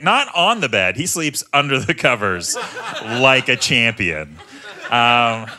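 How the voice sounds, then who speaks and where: A man, doing a stand-up comedy set on a club stage with self-mocking, animated delivery. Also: medium pitch. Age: 30s.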